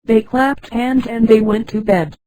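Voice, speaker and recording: A synthetic female voice narrating a space pirate story in a flat text-to-speech reading that speaks punctuation names aloud. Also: fairly high pitch, a little slow, no echo, rough recording.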